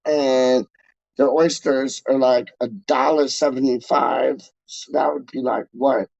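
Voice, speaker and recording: A man's voice: mid-range voice, steady tone, slow pace, vocal fry, darkish tone, no room sound. A man hosting a casual live stream, rambling in slangy talk full of filler words as he reads out chat messages. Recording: dull lo-fi dry recording.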